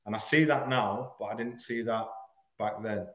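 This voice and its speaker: A man from Hull, frankly telling a painful personal story as a podcast guest, halting at the hardest moments. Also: fairly low pitch, a bit bright, roomy sound. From Hull, England. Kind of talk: candid personal storytelling in an interview.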